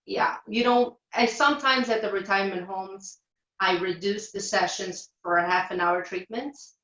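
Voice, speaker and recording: A woman describes her work in a casual interview, loose and relaxed, with frequent ums and uhs. Her voice sits at a middle pitch. The recording sounds roomy and a little dull. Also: normal speed. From Portugal. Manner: relaxed, many fillers. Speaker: reflexologist guest.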